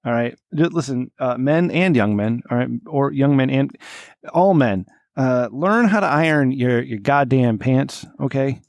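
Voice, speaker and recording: A man's voice: mid-range voice, a little slow, darkish tone, no echo. A man hosting a casual podcast, loose and profane, teasing his co-hosts. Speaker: podcast host.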